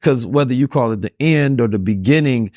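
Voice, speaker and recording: A man hosting a talk, musing in long runs and tagging nearly every point with "right?". His voice sits at a middle pitch. The sound is dry and close, with no room echo. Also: a little mellow. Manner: repeats "right?" often, fast musing delivery. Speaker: host. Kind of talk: casual conversational talk.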